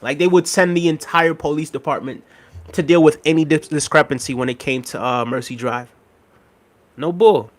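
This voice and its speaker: A man's voice: on the high side, moderate pace. A young man casually chatting with his livestream viewers, rambling and laughing often as he reads their comments. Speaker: livestream host.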